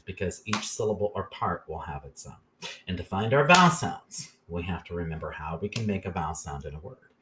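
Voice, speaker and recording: Male teacher, very low voice, patient phonics lesson, light background hiss. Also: expressive, brisk. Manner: patient, keeps checking in with "okay?".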